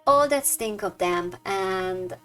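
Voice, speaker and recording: A woman voicing a jittery, gruff working-class male house guard in a game, with rough slangy delivery. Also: medium pitch, expressive, takes it slowly, fairly bright tone, soft background music.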